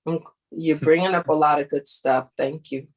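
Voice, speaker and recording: A woman facilitating a group call, speaking slowly with brief acknowledgements. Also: deep voice, fairly even intonation, rough recording. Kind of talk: casual chat.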